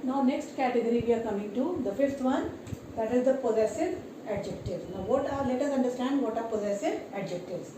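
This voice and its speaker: A woman teacher, explaining grammar slowly and often checking in with "right?". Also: on the high side, noisy background. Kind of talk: classroom grammar lesson. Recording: echoey room, mic at a distance.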